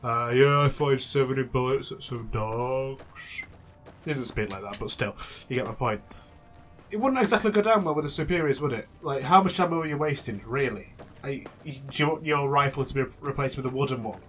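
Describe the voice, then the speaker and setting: A man's voice: mid-range voice, animated, fast talker, a bit bright. A young man giving casual, chatty gameplay commentary, teasing and rambling with frequent restarts. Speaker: let's play gamer.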